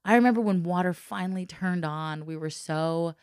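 This woman, a guest, tells a personal story in a lively, casual way, often laughing and taking on the voices of those she quotes. Her voice is low and clean, her pace moderate, and the recording is close and dry with no room sound at all.

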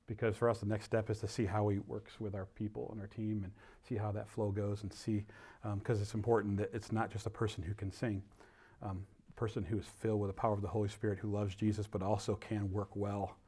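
A pastor giving a conversational sermon, often pausing on fillers and growing emphatic when he quotes scripture. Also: mid-range voice. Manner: conversational, rambling with fillers and restarts.

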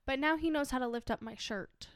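A woman's voice: high voice, a little fast, no room sound, studio quality. A young adult woman co-hosting a casual podcast, telling stories in a chatty way and laughing often. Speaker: podcast co-host. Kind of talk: casual chat.

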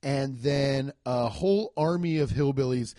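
A man's voice: mid-range voice, measured pace, warm tone, no echo, studio quality. A young man giving a profane, exasperated comedic rant reviewing a movie.

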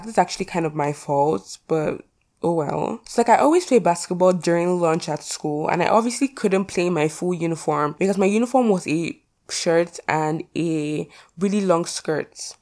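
A woman's voice: fairly low pitch, expressive, moderate pace, a little mellow. A teenage girl hosting her own podcast, chatting casually in a rambling, self-mocking way. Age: teens. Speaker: podcast host. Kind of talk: casual solo podcast chat.

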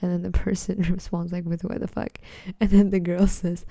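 On her casual solo podcast, a teenage girl reads messages aloud, giggling and swearing freely at a moderate pace with hardly any pauses. Her low, warm, mellow voice has plenty of vocal fry and little pitch movement. The recording is close and dry.

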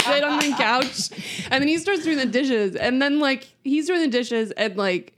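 A woman telling a story in casual chat, animated and laughing often, with heavy use of "like". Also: high voice, moderate pace, a little hiss or hum.

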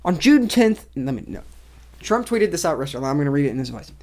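A woman's voice: low-pitched, big pitch swings, fast, darkish tone. A young woman hosting a casual solo commentary show, giving blunt opinions and reading articles aloud with rambling asides. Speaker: podcast host.

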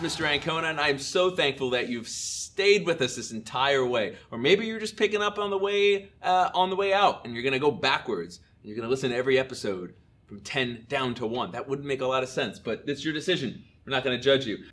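A man's voice: medium pitch, fairly quick, a bit bright, soft background music. A young adult man, a middle school teacher, hosting a school podcast with an upbeat, earnest and playful manner. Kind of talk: podcast intro and shout-outs.

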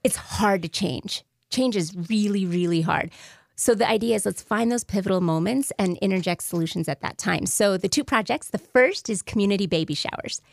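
A woman speaks as an interview guest with a gravelly, creaky edge to her voice. She tells earnest, animated stories and leans on emphatic repetitions. The sound is close and dry. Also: medium pitch, normal speed, dry recording. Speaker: guest, former head of a state child welfare agency.

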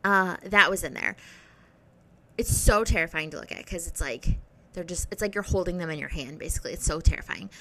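A young woman with a bright, clear voice tells a rambling story to her viewers. She swears freely and jumps between topics with lots of filler words. Her delivery stays lively and unscripted. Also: lowish voice, a little fast, slight background noise. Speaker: vlogger. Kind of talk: rambling casual monologue.

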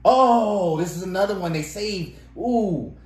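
This podcast co-host, a man with a high-sitting, darkish voice, chats casually at a measured pace, laughing often as he reads phrases aloud. The recording is from an echoey room with faint background noise.

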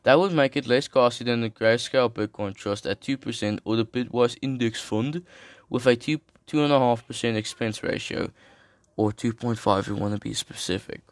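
A young man, a streamer, reads a finance article aloud at normal speed in a mid-range voice, stumbling over terms and breaking off for slangy jokes. It's casual reading with commentary, and there's no room sound.

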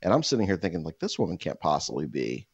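Speaking fast in a sing-song, creaky, slightly rough bass voice, a man meanders through a casual story packed with "like" and "you know," adopting silly voices for the people he quotes. There's no room sound; the audio is dry, close, and a little dull and lo-fi.

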